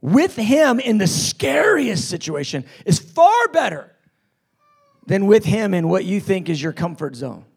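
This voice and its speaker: A man preaching a sermon with passion, acting out quoted lines and swinging between loud declarations and hushed tones. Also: high-pitched, very animated, measured pace, creaky, husky.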